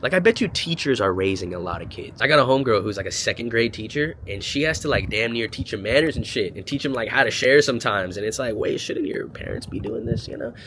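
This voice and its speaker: A man's voice: mid-range voice, animated, quick pace, hardly any pauses, fairly bright tone. A man in his twenties from the United States, talking in a casual, rambling vlog monologue, profane and joking, with lots of "like" and "you know". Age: 20s. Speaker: vlogger. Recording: noisy outdoor street ambience.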